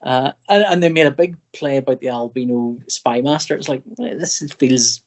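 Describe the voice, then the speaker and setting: A Northern Irish man chatting as a podcast guest, rambling and animated as he retells film scenes. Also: mid-range voice, moderate pace. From Northern Ireland. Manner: animated, rambling storyteller who puts on voices when retelling scenes. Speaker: guest, comic artist. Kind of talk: casual podcast chat.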